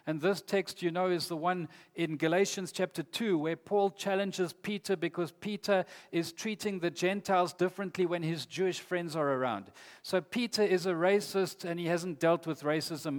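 Earnest preacher man in a reverberant hall. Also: high-pitched. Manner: earnest, emphatic, reads scripture aloud. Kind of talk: sermon.

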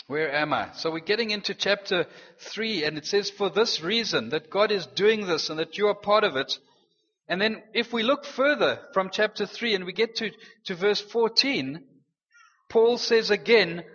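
High-voiced preacher. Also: male voice. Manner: earnest, animated preaching with playful teasing asides. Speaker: pastor. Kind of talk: sermon. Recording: dull, reverberant hall sound.

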